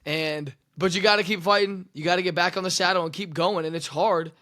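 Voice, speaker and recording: A man's voice: high voice, steady tone, fairly quick, pushed and bright. A young man, a former quarterback, talking in casual sports chat, emphatic and profane, often repeating words as he builds up. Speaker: podcast co-host, former quarterback.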